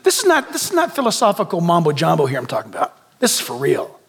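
A man's voice: a little high, huge pitch swings, quick pace, slightly rough. A male pastor preaching a sermon, emphatic, repeating phrases and asking rhetorical questions of the congregation. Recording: long hall reverb.

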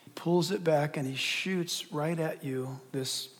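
A man preaching a sermon in a church, animated and direct, firing rhetorical questions at the congregation. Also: on the high side, takes it slowly. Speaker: pastor. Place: church hall. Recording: long hall reverb.

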